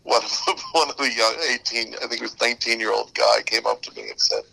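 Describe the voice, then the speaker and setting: A man guest in a casual interview, telling animated stories, laughing often and acting out quotes. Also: medium pitch, fast talker, gravelly, husky, low-quality recording. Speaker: guest, musical writer.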